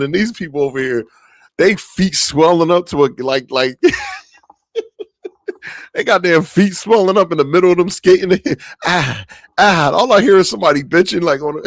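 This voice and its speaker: A man's voice: on the high side, lively intonation, moderate pace, pauses often, no echo, studio quality. A young man hosting his own podcast, telling loose, slang-filled stories in a casual, laughing way. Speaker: podcast host. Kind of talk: casual solo podcast storytelling.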